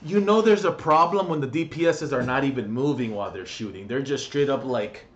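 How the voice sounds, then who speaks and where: A man's voice: medium pitch, fairly quick, dull audio. A young man ranting brashly in a comedic gaming vlog from his bedroom, crude and mocking, swearing constantly. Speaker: gaming vlogger.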